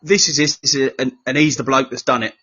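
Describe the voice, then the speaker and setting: Guy, casual guest, husky voice, dull lo-fi audio, sweary banter. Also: medium pitch, steady tone, fast, sharp tone. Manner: laddish, sweary storytelling. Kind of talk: casual chat. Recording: muffled lo-fi audio.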